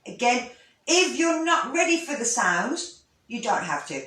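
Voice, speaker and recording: A woman, a yoga teacher gently guiding a breathing lesson, with pauses and restarts. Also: on the high side, sing-song. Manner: gentle, instructive, with fillers and restarts. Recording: echoey room, voice from a distance.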